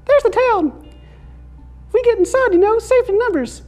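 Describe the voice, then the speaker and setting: A nervous survivor in a game talks in a thin, squeaky falsetto pitched far above a normal man's voice. He sounds loud, eager and jumpy. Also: animated, normal speed, soft background music. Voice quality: high falsetto.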